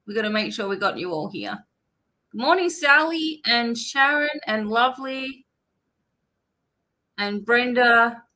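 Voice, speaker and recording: A woman's voice: fairly high pitch, lively intonation, unhurried, pauses often, sharp tone, poor audio. An Australian woman hosting a live psychic-reading stream, chatting casually and reading out viewers' names and places.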